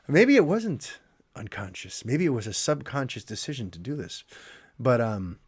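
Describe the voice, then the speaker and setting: A middle-aged man hosting a podcast, telling a heartfelt story in an animated, emotional way, with quick asides. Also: fairly high pitch. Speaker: podcast host. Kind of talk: casual podcast monologue.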